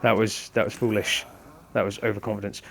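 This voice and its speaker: A man's voice: lowish voice, level tone, brisk, creaky, a bit bright. A man commenting casually on a game, explaining each step to viewers in a chatty way. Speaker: gaming host. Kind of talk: casual let's-play commentary.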